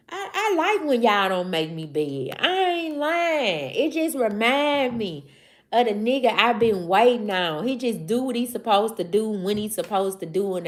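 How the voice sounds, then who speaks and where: A woman with a Southern accent from Mississippi, hosting a casual livestream and talking straight to her chat in a loose, slangy way that repeats itself. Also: mid-range voice. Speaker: livestream host. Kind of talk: casual live-stream chat.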